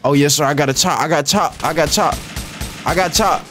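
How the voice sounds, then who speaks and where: A young man giving excitable, slangy live commentary over gameplay, repeating phrases and muttering rap lines. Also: a little high, a little fast, soft background music. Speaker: gaming YouTuber.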